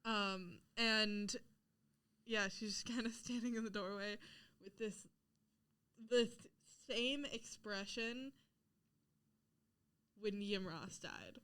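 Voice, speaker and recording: A woman player in a tabletop game, speaking in a hesitant, measured way. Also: medium pitch, pushed and bright, clear, resonant tone.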